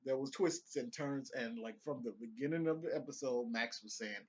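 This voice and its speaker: A man's voice: mid-range voice, moderate pace, slightly rough, highs cut off. A young man giving casual, profane, rambling commentary on a TV episode he just watched, with laughing asides. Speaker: vlogger reviewing a TV episode.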